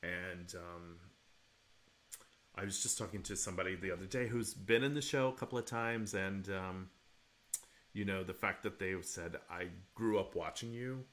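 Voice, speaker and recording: Low-voiced, bright, earnest man. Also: moderate pace. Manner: emotional, earnest and grateful, rambling with many fillers. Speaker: cast member giving film commentary. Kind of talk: casual commentary chat.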